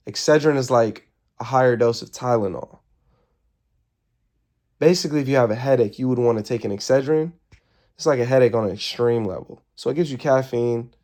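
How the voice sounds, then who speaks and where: A man telling a rambling, casual story to his live viewers, animated and swearing freely, sounding tired and yawning. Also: mid-range voice. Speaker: streamer.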